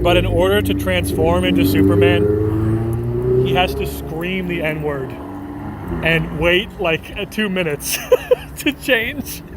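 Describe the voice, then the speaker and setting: A man live-streaming outdoors on a city street at night, answering viewers' messages in a rambling, joking way that often breaks into laughter. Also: a little high. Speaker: IRL livestreamer. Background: faint traffic and street ambience.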